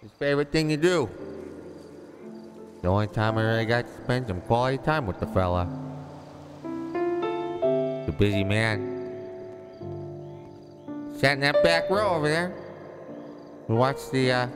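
A man streaming a roleplay game, chatting in a relaxed, musing way. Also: medium pitch, measured pace, pauses often, big-room sound, music in the background. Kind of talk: casual game stream chat.

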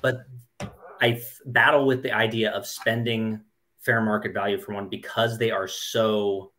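A man in a casual chat with a lowish voice and a bright, forceful tone. He reflects and thinks out loud as he talks. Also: level tone, measured pace.

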